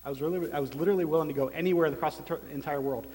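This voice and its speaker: A man's voice: fairly high pitch, dark tone. Earnest man preaching in an echoing hall. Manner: earnest, halting storytelling. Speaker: church planter giving testimony. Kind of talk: personal testimony sermon. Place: large meeting room. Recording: long hall reverb.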